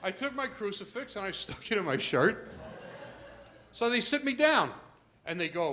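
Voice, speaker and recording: An older man doing a stand-up comedy set in a club, telling stories with asides to the crowd and getting louder for the punchlines. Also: high voice, animated, moderate pace. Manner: storytelling with asides to the crowd, rising loud for punchlines.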